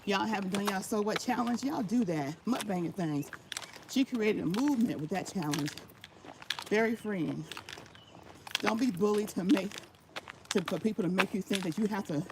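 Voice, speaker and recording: A woman with a medium-pitched, lively voice talks at a moderate pace with long pauses, walking laps in a casual motivational vlog. She's a vlogger giving channel tips, emphatic and repeating her points for stress. Background noise is audible.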